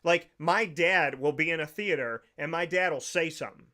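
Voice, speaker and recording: A man's voice: a little high, moderate pace, bright, forceful tone. A man hosting a sports talk show, ranting emphatically and preaching, often repeating phrases for effect. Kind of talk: opinionated podcast rant.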